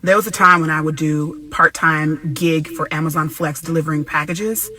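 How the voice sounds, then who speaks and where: A woman's voice: low-pitched, moderate pace, bright, forceful tone. A woman from the United States, a social media influencer with an American accent, telling a dramatic story to camera and acting out other people's voices.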